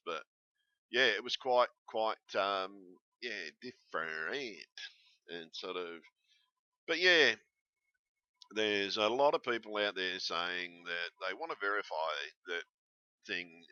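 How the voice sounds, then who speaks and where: Swearing, blunt Australian man, low voice. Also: pushed and bright, clean tone, dry recording, muffled recording. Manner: heavy swearing, blunt and rambling. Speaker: YouTuber. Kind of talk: casual rambling vlog.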